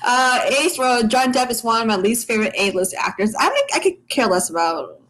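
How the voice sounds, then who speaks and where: A woman co-hosting a casual trailer-review show, talking in a relaxed, hesitant way with easy laughter. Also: fairly high pitch, fairly quick, poor audio. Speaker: podcast co-host reviewing trailers. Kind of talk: casual chat.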